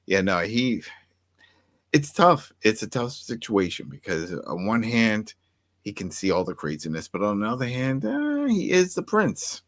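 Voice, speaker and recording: A man co-hosting a casual TV recap chat, animated and acting out characters' lines. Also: on the low side, normal speed. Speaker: podcast co-host.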